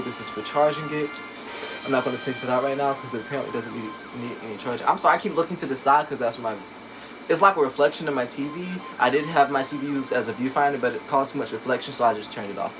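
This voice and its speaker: A man chatting casually while unboxing a laptop, excitable and gushing, recorded on a phone at home. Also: medium pitch, poor audio. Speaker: tech unboxing vlogger. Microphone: phone camera. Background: background music.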